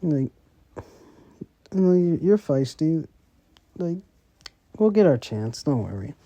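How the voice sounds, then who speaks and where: Casual male storyteller: deep, warm-dark tone, dry recording, loose and chatty. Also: big pitch swings, slow, no room sound. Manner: rambling, full of "like" and "you know", slangy. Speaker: commentator retelling a story. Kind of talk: casual spoken recap.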